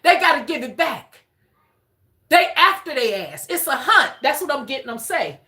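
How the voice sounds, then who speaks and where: A woman giving a casual spiritual reading on a live stream, excitable and repetitive, swearing freely. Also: high voice, moderate pace.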